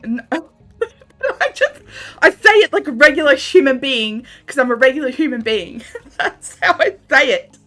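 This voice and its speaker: A woman's voice: high-pitched, lively intonation, unhurried, bright, forceful tone. A young Australian woman chatting casually with her viewers while gaming on a livestream, laughing often and reading out chat messages. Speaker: streamer.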